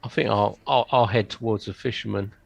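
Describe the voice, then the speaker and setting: A man's voice: fairly low pitch, fairly even intonation, brisk, gravelly, breathy edge. A man playing a tabletop game who speaks politely and hesitantly, with many ums. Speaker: player. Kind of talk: tabletop role-play, speaking in character.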